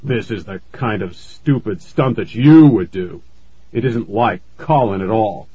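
A man voicing an angry father who scolds and shouts warnings, on a dull, lo-fi recording. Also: fairly low pitch, animated, a little slow, husky, dry recording. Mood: angry stern.

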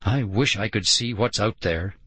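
A man's voice: fairly low pitch, a little slow, sharp tone, husky, no room sound, exaggerated voice. A man voicing a stubborn, commanding father on a snowy expedition, in an audiobook. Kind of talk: audiobook character voice.

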